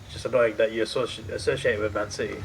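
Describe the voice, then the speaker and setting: A man commentating casually as he plays a racing game, excitable and quick to mild swearing. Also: fairly low pitch, background noise. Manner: excitable, swears mildly, chants along. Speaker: gaming streamer.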